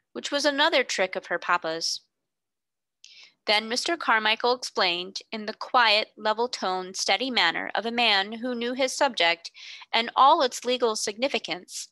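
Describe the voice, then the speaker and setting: A woman narrating a classic novel aloud in a clear, steady storytelling manner. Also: medium pitch, dry recording. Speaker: reader. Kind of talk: audiobook narration.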